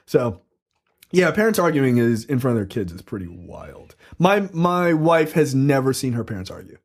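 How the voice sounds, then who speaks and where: A man's voice: medium pitch, normal speed. A man in his thirties co-hosting a casual podcast chat, telling stories with lots of profanity and acted-out quotes. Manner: animated storyteller, acts out quotes with profanity. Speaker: podcast co-host.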